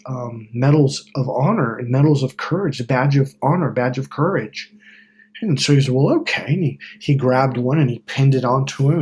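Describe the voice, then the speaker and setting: Husky guy from wisconsin ranting to camera, swears a lot, trips over his words. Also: mid-range voice, a little mellow. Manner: rambling, profane, self-correcting. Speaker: self-help video host. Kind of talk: casual monologue.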